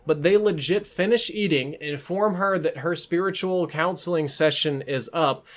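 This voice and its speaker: A man vlogging, telling a story in a casual, amused and animated way. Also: a little high, normal speed. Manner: animated, amused, self-mocking.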